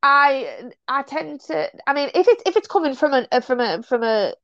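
A woman's voice: high-pitched, normal speed, dry recording. Chatty woman, dull dry sound. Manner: chatty, animated storyteller who laughs often and restarts phrases. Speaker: guest. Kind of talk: casual conversation.

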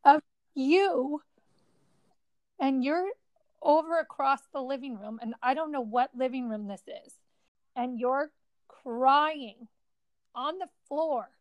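Woman, high-ish voice, very slow delivery, dry sound; gentle memory-sharer. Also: no echo. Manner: gentle, slow, thoughtful recollection. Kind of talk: casual personal conversation.

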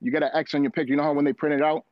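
A man's voice: a little high, steady tone, racing, no room sound, dull audio. A man telling a personal story in a casual podcast chat.

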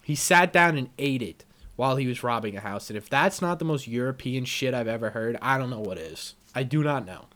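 A man co-hosting a podcast in casual chat, telling a news story with lots of swearing and rising excitement. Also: mid-range voice, a little fast. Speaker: podcast co-host.

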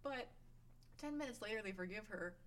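A woman in casual chat recapping a TV show, animated and laughing, acting out quotes. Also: medium pitch, normal speed, a little hiss or hum. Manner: animated, laughing, acts out quotes in funny voices.

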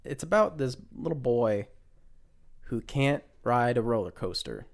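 A young man co-hosts a casual podcast about films. He retells plots in a loose, rambling way and often breaks off to restart a sentence. His voice sits at an ordinary middle pitch. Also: expressive, unhurried, gravelly. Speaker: podcast co-host. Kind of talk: casual film chat.

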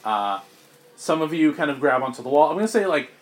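A man's voice: on the high side, big pitch swings, brisk. A man narrating as game master in a tabletop game, loose and joking, with plenty of fillers.

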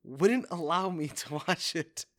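A man's voice: on the high side, unhurried, slight background noise. A young man co-hosting a podcast, rambling playfully and teasing his co-host with tangents. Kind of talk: casual chat.

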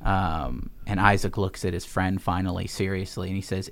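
Male podcast host, lowish voice, rambling, casual storytelling with restarts. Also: fairly even intonation, moderate pace, hardly any pauses. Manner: rambling, full of ums and restarts.

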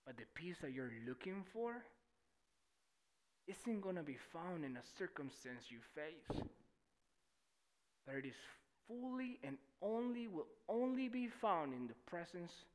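A young man preaching a sermon in church, animated and swinging from shouting to near-whispers. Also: sits high, measured pace. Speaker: pastor.

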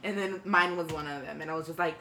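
A woman's voice: sits low, steady tone, fast, bright, forceful tone, roomy sound, a little hiss or hum. A woman who runs a small business, chatting animatedly as a guest in a casual podcast conversation.

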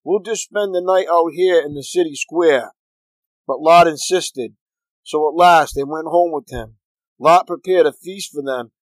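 A pastor reading scripture aloud in a steady, earnest manner. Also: male voice, fairly high pitch, no echo, rough recording.

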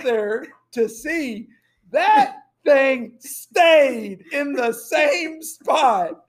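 A man's voice: extremely high pitch, extremely slow. A man co-hosting a podcast, telling a story in a giggly way with frequent laughter. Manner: giggly, animated storyteller who laughs often. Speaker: podcast co-host. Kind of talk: casual storytelling.

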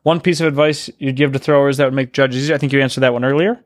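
A man hosting an interview podcast, reading listener questions in a halting, self-deprecating way with many fillers. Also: mid-range voice, fairly even intonation, no echo, studio quality. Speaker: podcast host.

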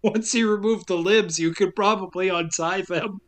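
A man's voice: high voice, steady tone, moderate pace, fairly bright tone. A man co-hosting a podcast, recapping a movie plot in casual chat with a wry, laughing delivery.

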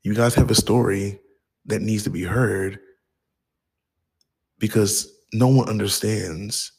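A man hosting a podcast, talking earnestly to his listeners in a halting way, with frequent restarts. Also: fairly low pitch, vocal fry, slightly rough. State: choked up. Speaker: podcast host. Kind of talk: heartfelt podcast outro.

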